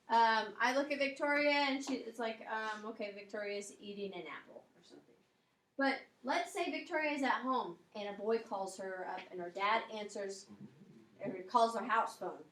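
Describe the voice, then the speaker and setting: A woman with a high, bright-pitched voice teaches a grammar lesson to her class. She explains each point step by step, dropping in "um" and asking "okay?" to check the students follow. The sound carries the echo of a classroom. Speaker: Spanish teacher.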